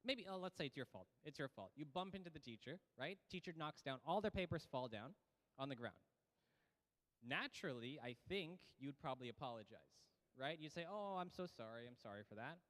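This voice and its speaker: A man's voice: on the high side, expressive, a little fast, a bit bright. Joking man in a reverberant hall. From Canada. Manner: casual, joking, chatty. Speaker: academic integrity officer. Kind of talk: orientation presentation.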